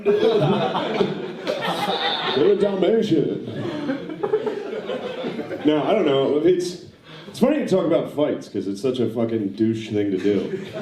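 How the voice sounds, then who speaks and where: A man's voice: medium pitch, unhurried, pauses often. A man in his thirties doing a stand-up set, telling casual, profane stories and mimicking other people's voices. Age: 30s. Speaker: stand-up comedian. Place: comedy stage before a live audience. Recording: roomy live club recording with crowd laughter.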